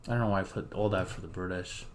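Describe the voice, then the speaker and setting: A man's voice: deep voice, steady tone, fast, a little hiss or hum. A man giving casual commentary while playing a strategy game, thinking aloud and muttering to himself.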